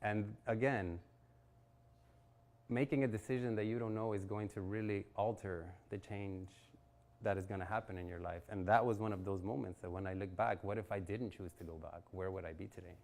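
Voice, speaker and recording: A man's voice: on the low side, fairly even intonation, brisk, darkish tone. A man in his forties telling a personal story at a networking event, acting out quotes and laughing often. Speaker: guest speaker. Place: event venue.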